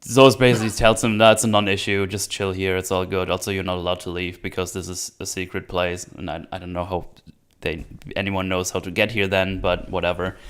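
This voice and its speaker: A young man hosting a casual movie review chat, animated and mocking, often slipping into jokey character quotes. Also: low-pitched, fairly quick, clear, resonant tone. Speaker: podcast host.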